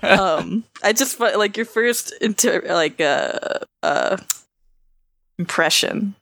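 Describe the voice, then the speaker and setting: A woman's voice: mid-range voice, slow, vocal fry, fairly bright tone, no room sound. A young woman co-hosting a podcast in casual chat, self-mocking and giggly, breaking into shrieking laughs. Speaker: podcast co-host.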